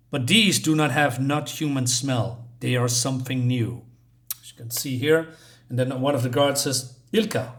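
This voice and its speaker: A man casually reviewing a comic book, walking through the panels with lots of fillers and little chuckles. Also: on the high side. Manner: rambling, many fillers, chuckles at his own jokes.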